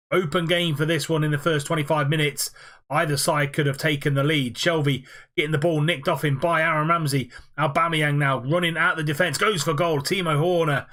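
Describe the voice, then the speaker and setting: Young man, upbeat gaming commentator calling football matches, slightly higher voice, filler-heavy delivery. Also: fairly bright tone. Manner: quick play-by-play with frequent "uh" fillers. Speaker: video game player commentating his own matches. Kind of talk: play-by-play football commentary over gameplay.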